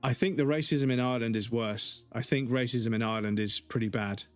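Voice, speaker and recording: A man's voice: medium pitch, fairly quick, soft background music. A man streaming a game, ranting heatedly in casual chat and swearing constantly.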